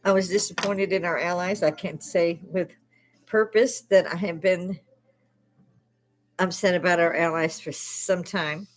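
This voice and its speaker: A woman's voice: fairly low pitch, fairly even intonation, unhurried. An older woman hosting a casual livestream from her bar, swearing freely and breaking into laughs often. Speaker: livestream host.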